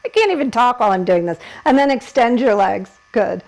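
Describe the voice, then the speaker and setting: A woman's voice: on the high side, a little fast, a little mellow, rough recording. A woman leading a yoga class, giving encouraging instructions and laughing at herself while she holds the poses.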